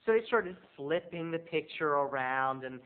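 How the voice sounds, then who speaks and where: A man, a video blogger, telling a comic story to his viewers in an animated, theatrical way. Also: a little high, normal speed. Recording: tinny phone-like sound.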